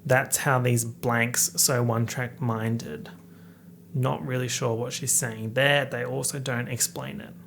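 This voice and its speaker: A man in a mid-range voice hosts a casual podcast and picks apart rap lyrics line by line. He reads each lyric aloud, then riffs on it with a playful, animated edge. A faint hum sits under his voice. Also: medium pitch, measured pace, creaky. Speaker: podcast host.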